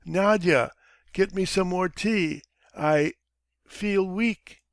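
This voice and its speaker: A man's voice: fairly high pitch, a little slow, fairly bright tone, dry recording. A man voicing a petty, self-pitying male writer who talks in a languid, moaning, self-important way.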